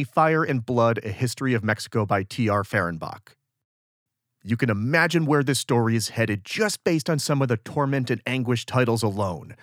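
A man's voice: mid-range voice, dry recording, clean studio sound. A man from upstate New York hosting a history podcast, narrating from a script in a wry, self-deprecating way. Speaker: podcast host.

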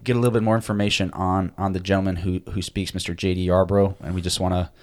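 Low-voiced man, easygoing podcast co-host. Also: flat delivery. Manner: easygoing, laughs often, measured reading. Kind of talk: casual chat and scripture reading.

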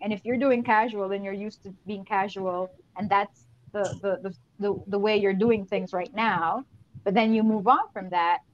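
A woman's voice: mid-range voice, fairly even intonation, normal speed, dull audio, a little hiss or hum. A woman guest in a casual panel discussion, stammering on restarts as she reasons her points through. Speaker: podcast guest.

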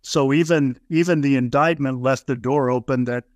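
A man co-hosting a podcast, speaking at a middle pitch. He weighs his words and phrases things deliberately. The recording is dry, with no echo. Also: steady tone. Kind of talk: podcast interview conversation.

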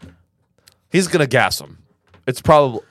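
A man's voice: medium pitch, lively intonation, brisk, a bit bright, no echo. A man co-hosting a podcast in casual chat, playful and hesitant, thinking aloud. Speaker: podcast co-host.

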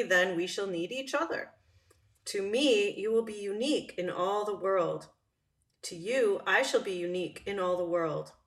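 A woman reading a wise gentle fox. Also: medium pitch, natural voice. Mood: earnest. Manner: calm, measured storybook reading.

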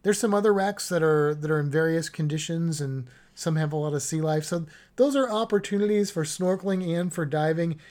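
Low-voiced rambling woman chatting. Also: fairly quick, hardly any pauses, a little mellow. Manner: rambling, self-correcting, chuckling. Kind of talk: casual chat about travel.

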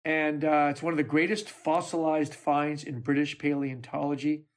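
A man's voice: a little high, little pitch movement, moderate pace. A man co-hosting a podcast in casual chat, telling stories eagerly. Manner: eager storytelling. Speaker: podcast co-host.

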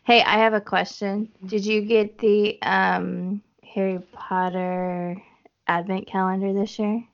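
A woman's voice: medium pitch, level tone, slow, vocal fry, muffled recording. A woman co-hosting a podcast in casual chat, chatty, often trailing off and restarting. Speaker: podcast co-host.

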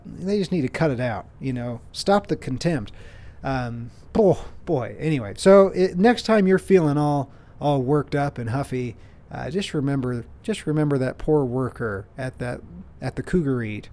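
A man's voice: medium pitch, expressive, moderate pace, a little mellow. A man hosting his own show, chatting casually and rambling with lots of restarts and playful self-mocking humor. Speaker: podcast host. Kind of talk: casual solo storytelling.

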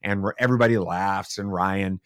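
A man, a father and podcast guest, telling a story in a casual, animated way and acting out the quotes. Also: low-pitched, fairly quick, no echo, studio quality. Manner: animated, acts out quotes with shifting voices.

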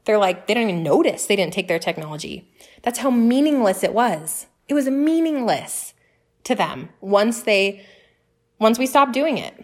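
A woman, hosting a casual podcast and talking with enthusiasm and faith-filled encouragement to other mothers. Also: mid-range voice.

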